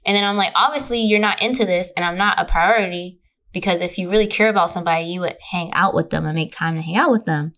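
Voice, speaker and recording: A woman from California, a podcast guest, telling a dating story in casual, animated chat, with lots of swearing and mocking impressions of others. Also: lowish voice, fast talker. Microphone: remote recording.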